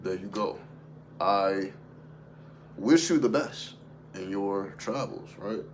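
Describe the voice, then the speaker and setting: A man's voice: fairly low pitch, slow, slight background noise. A man talking off the cuff on a livestream as a spiritual content creator, emphatic and profane, throwing rhetorical questions at his viewers. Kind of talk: unscripted livestream monologue.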